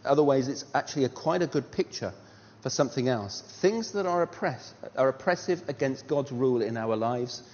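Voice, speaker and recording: A man preaching a sermon, telling a story and asking animated rhetorical questions with a touch of self-deprecating humour. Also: medium pitch, fairly quick, hardly any pauses. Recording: dull sound with long hall reverb.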